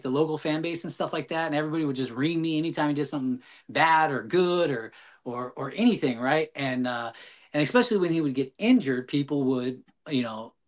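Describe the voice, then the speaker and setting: A man guest on a podcast, telling a long story casually with many fillers and restarts. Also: a little high. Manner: animated, rambling, frequent fillers and restarts.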